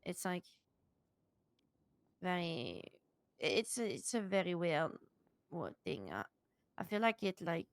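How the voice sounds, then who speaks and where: A woman with a rough morning voice, playing a doctor in roleplay and talking in halting, apologetic bursts with many restarts. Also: lowish voice, very animated, no room sound. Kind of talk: in-character roleplay chat.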